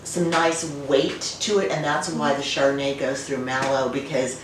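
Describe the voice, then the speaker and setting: A woman winemaker being interviewed, telling stories and remembering in a warm, conversational way. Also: very deep voice, fairly even intonation, normal speed. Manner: warm storytelling, reminiscent. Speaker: winemaker guest. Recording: roomy, distant, faint noise.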